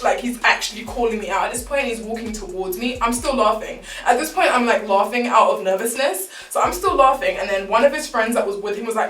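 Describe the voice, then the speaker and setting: A young woman telling a casual, animated storytime full of slang. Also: a little high, a little fast. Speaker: vlogger. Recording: roomy, distant mic, faint background music.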